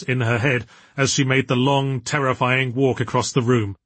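A man reads a novel aloud in a measured storytelling manner. His voice is husky and sits at a middle pitch. The recording is dry and close. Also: fairly even intonation, a bit bright, no room sound. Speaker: narrator. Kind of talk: audiobook narration.

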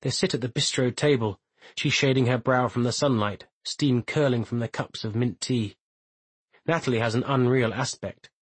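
A man reading a literary novel aloud as its narrator, measured and even. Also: medium pitch, slightly rough, dry recording, poor audio. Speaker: audiobook narrator. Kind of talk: scripted narration.

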